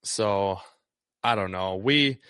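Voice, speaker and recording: A man's voice: fairly low pitch, takes it slowly, bright, forceful tone, clean tone, dry recording. A fishing guide from Northeast Wisconsin, a man talking casually in an interview and rambling with many ums and restarts.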